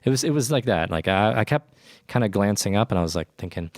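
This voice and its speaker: Man, very low voice, dry close sound, rambling casual storytelling, young adult. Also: expressive, fairly quick, no echo. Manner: rambling, many restarts and "like"s. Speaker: podcast host. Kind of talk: casual first-person storytelling.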